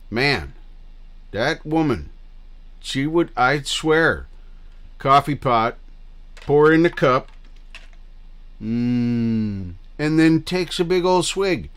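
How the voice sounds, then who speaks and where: A man's voice: mid-range voice, a bit bright. A middle-aged man hosting a livestream, chatting casually with viewers in a rambling, scattered way and swearing freely. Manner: rambling and scattered, loose with profanity. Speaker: livestream host.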